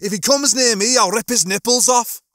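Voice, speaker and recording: A man voicing a defiant young spaceman with a Liverpool accent, loud and brash. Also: moderate pace, no echo, clean studio sound. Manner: loud, brash, raised pitch.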